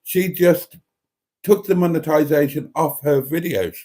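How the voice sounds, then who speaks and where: A man's voice: on the high side, measured pace, mellow. A man with a Welsh accent hosting a casual live stream, chatty and self-mocking, laughing often.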